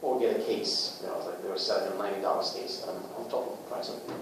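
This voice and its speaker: A man presenting a book to a small group in a casual talk, with lively rhetorical questions and acted-out little scenes. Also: sits low, fast, gravelly. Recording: echoey room, far from the mic, faint noise.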